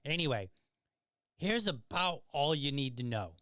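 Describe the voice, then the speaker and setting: A man's voice: medium pitch, big pitch swings, measured pace, pushed and bright, no echo, clean studio sound. A man hosting a casual commentary podcast, talking in a sarcastic, wry way with chatty asides to his listeners. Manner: talkative, conversational asides. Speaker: podcast host.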